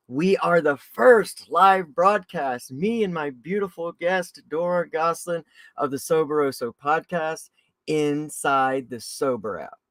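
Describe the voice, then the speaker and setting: Excitable, effusive male podcast host. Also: takes it slowly, dry recording. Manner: excitable and effusive, big swings in pitch and loudness. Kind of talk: live-stream podcast intro.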